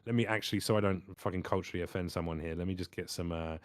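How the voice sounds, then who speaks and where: A man working as a voice actor, chatting as a podcast guest and telling stories with animated energy and casual swearing. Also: deep voice, racing, clear, resonant tone, no room sound. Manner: animated storyteller, swears freely. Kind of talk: casual chat.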